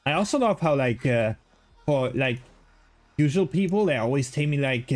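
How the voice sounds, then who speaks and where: A man's voice: mid-range voice, lively intonation, moderate pace. A man with a slight German accent, a native German speaker, streaming a game and bantering with chat in a playful, rambling way. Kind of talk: casual gaming livestream chat.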